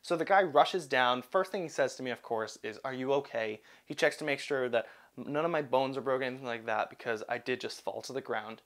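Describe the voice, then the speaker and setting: A young man narrating a personal story in an animated, self-deprecating way. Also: medium pitch, brisk.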